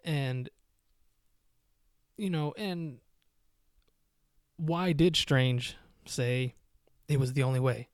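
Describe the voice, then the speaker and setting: A man rambles through a casual movie review on his podcast, circling back with ums and half-finished phrases. His voice is smooth and resonant at a middle pitch. It sits close and dry, with no room sound around it. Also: fairly even intonation, extremely slow, long pauses, no echo. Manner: rambling, many fillers and restarts. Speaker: podcast host.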